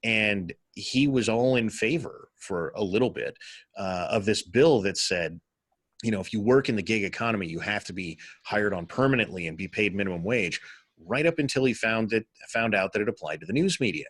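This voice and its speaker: A man in casual political chat on a podcast, talking in a measured way and reasoning aloud. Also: lowish voice, animated, a bit bright, breathy edge, no echo, clean studio sound.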